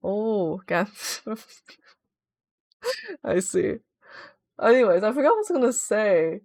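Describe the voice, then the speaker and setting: A woman's voice: mid-range voice, lively intonation, takes it slowly, mellow. A woman streaming a game, chatting casually and giggling as she reads viewer messages aloud. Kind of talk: casual livestream chat.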